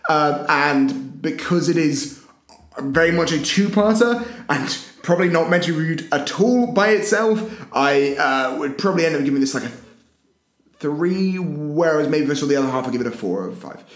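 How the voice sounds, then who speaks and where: A man's voice: a little high, normal speed, echoey room. A man co-hosting a podcast in casual chat, hesitant and qualifying as he thinks aloud. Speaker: podcast co-host.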